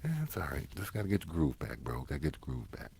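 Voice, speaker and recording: Deep, husky, laid-back man. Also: animated, fast, darkish tone. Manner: laid-back, chuckling, profane agreement. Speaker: podcast host. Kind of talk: casual podcast chat.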